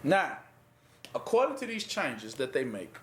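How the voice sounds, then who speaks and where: A man teaching scripture in a casual sermon, often pausing to ask listeners to fill in the last word. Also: medium pitch, wildly swooping pitch, fairly bright tone, a little hiss or hum. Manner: rhetorical fill-in-the-blank questions to listeners; conversational, plain-spoken. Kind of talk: informal Bible teaching sermon. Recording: echoey room.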